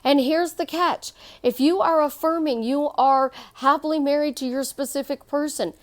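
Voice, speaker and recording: A high-voiced woman speaks as a life coach. Her motivational monologue is emphatic, and she repeats phrases to drive each point home. She sounds middle-aged. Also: steady tone, moderate pace.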